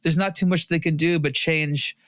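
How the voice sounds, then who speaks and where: A man's voice: a little high, fairly even intonation, moderate pace, fairly bright tone, dry recording, studio quality. A man co-hosting a watch podcast in casual panel chat, rambling with many fillers and restarts.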